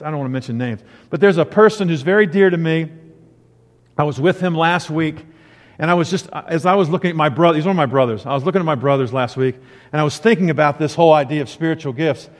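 Animated male preacher in a reverberant hall. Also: a little high. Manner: animated storyteller, acts out quotes. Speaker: pastor. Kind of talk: sermon.

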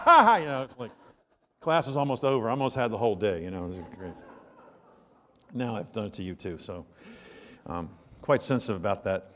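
A man's voice: medium pitch, long reverb tail. A male pastor preaching a sermon in a conversational, joking storytelling manner with asides to the congregation.

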